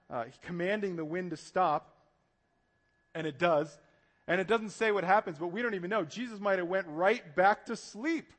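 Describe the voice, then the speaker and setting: A man preaching a sermon as pastor, animated and conversational, acting out panicked voices as he tells the story. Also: sits high.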